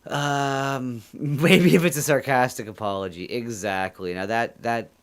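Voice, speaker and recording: A man's voice: mid-range voice, fairly even intonation, unhurried. A man hosting a livestream in casual chat, joking and rambling, often laughing. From Canada. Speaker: livestream host.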